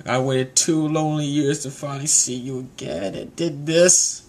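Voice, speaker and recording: A little reindeer doctor, lonely and plaintive, as a man voices him. The voice stays close to an ordinary man's, only softer and more mournful. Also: fairly high pitch, steady tone, moderate pace, creaky.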